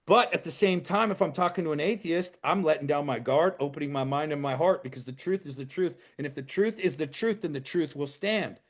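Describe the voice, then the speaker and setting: A man speaking as a podcast guest, fervent and blunt, cursing as he makes his points. His voice sits somewhat high for a man. He swings from quiet musing to loud, emphatic declarations. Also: fairly quick, few pauses. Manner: impassioned, swears freely, rising to emphatic outbursts. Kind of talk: casual podcast chat.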